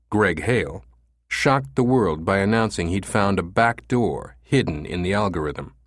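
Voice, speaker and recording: A man reading a novel aloud as an audiobook narrator, with a steady, measured storytelling delivery. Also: fairly low pitch, no echo, clean studio sound. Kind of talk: scripted narration.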